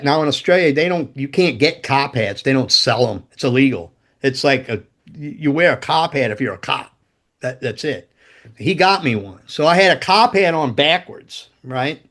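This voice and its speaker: A man's voice: medium pitch, a bit bright. A man telling rambling, profane stories in casual chat as a podcast guest. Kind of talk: casual storytelling.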